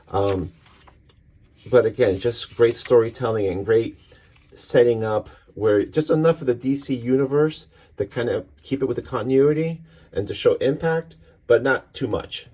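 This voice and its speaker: A man casually walking through a comic issue page by page, talking in a relaxed, rambling way with many fillers. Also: mid-range voice, husky. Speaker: comic book reviewer.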